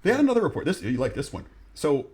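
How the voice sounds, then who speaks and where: A man's voice: a little high, huge pitch swings, fast talker, crowd noise. A man hosting a podcast, telling a ghost story in a rambling, jokey way. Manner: rambling, jokey, restarts often. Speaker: podcast host. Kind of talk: casual storytelling chat.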